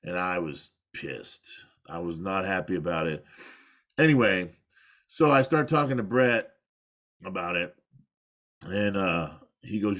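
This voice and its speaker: A middle-aged man with a lowish voice tells old war stories in a loose, rambling way, often laughing at his own past mistakes. The sound is dull and lo-fi, as if it were compressed. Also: expressive, a little slow, pauses often, a bit bright. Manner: rambling, self-deprecating, laughs at himself. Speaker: former pro wrestler, guest. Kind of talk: candid interview storytelling. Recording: dull lo-fi audio.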